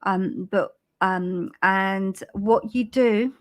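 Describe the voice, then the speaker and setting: A British woman giving live spiritual readings on a stream, speaking gently with many ums and restarts. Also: mid-range voice. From Britain. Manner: halting, full of ums and restarts, gentle and soothing. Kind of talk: live-stream psychic reading, casual and chatty.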